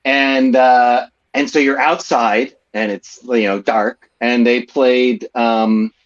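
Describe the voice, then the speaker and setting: A man's voice: mid-range voice, steady tone, slow, dull audio. A man on a podcast panel, talking casually and rambling with many fillers and restarts. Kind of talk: casual chat.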